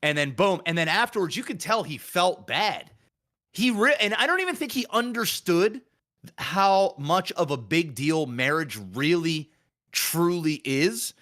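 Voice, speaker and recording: A man in casual podcast chat, his voice pitched high and swinging widely as he talks. He is animated and profane, acting out his reactions as he goes, with a bright, sharp tone. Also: measured pace. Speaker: podcast co-host.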